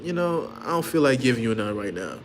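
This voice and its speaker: A man's voice: mid-range voice, big pitch swings, brisk, a little hiss or hum, lightly acted. A man playing an offhand, dismissive woman. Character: dismissive woman brushing off her partner.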